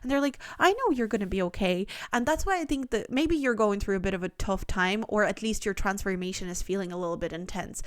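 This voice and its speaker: A woman's voice: medium pitch, fast talker, few pauses, clear, resonant tone, no room sound, studio quality. A woman giving a pick-a-card tarot reading, talking earnestly in a rambling way with lots of restarts. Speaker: tarot reader.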